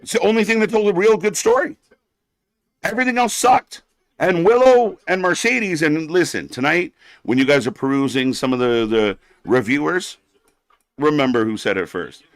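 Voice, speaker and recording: A man's voice: fairly high pitch, lively intonation, moderate pace, dry recording. A man hosting a live wrestling watch-along stream, ranting bluntly and sarcastically, swearing often and getting heated.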